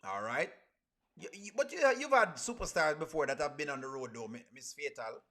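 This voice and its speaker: Man, livestream host, bright tense voice, playful, laughs a lot. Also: on the high side, very animated, brisk. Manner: playful, laughs often, reads chat aloud. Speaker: reaction streamer. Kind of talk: casual livestream chat.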